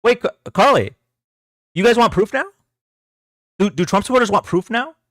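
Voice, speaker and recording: A man's voice: high voice, animated, moderate pace, a bit bright, no room sound, studio quality. A man hosting a livestream, talking casually to his chat, exasperated and sarcastic, often repeating himself. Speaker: political livestream host.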